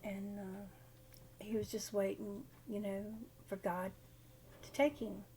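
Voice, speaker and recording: An older widowed grandmother telling a personal story in a halting, rambling way in a casual vlog. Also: mid-range voice, flat delivery, dark tone, slight background noise.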